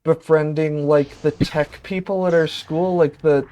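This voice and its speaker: A young man chatting casually on a stream, telling stories in a dry, deadpan way. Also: a little high, a little slow, slight background noise. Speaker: stream co-host. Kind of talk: casual chat while gaming.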